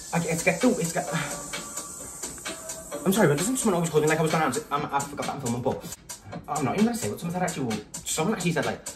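A man, tipsy, chatting in a rambling, gossipy vlog and swearing a lot. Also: on the high side. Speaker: vlogger. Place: his bedroom at home. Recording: distant mic with loud background music. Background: music playing.

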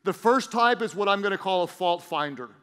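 A middle-aged pastor preaching to his congregation with a high, ringing voice. He swings between booming emphasis and hushed asides, and his words trail off into the long reverb of a large church hall. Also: expressive, a little fast, clear, resonant tone. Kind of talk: sermon.

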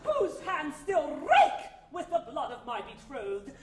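A fierce, imperious scorned lady on a theatre stage, high and swooping, slow and melodramatic. The stage sound is roomy, with faint noise behind. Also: huge pitch swings, exaggerated voice. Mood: scornful. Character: fierce, imperious spurned woman. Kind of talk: comic light opera stage performance.

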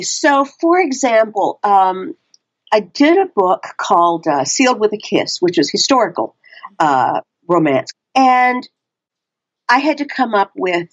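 A woman with a Texan accent, an audiobook narrator chatting animatedly as an interview guest. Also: lo-fi sound. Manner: animated, restarts often, frequent pitch swings. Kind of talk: casual interview chat.

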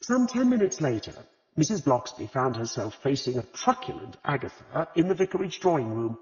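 Expressive male audiobook narrator. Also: on the high side, a little fast. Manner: expressive storytelling. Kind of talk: scripted narration. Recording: dull lo-fi audio with long reverb.

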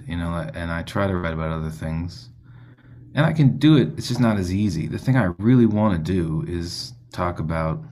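A man's voice: deep voice, darkish tone. A singer-songwriter man speaking as a radio interview guest, rambling and self-questioning, laughing easily.

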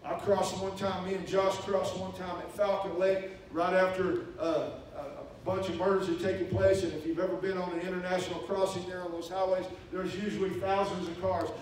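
A man preaching a sermon, telling a story with energy and loudly acting out the voices in it. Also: high-pitched, brisk, hardly any pauses. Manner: animated, acts out quoted voices loudly. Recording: echoey hall, distant mic, faint hiss.

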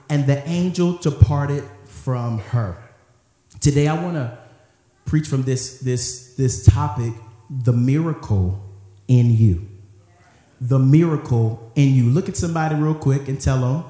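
Pastor guy preaching, call and response, jokey asides, kinda high voice, big echoey church. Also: brisk, warm tone. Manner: conversational, joking asides. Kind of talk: sermon. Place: church sanctuary.

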